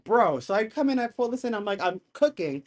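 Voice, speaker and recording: A man hosting a casual live reaction stream from his home setup, excitable and rambling, swearing as he rants into a desk mic. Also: high-pitched, brisk. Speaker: livestream reaction host. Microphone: desk microphone.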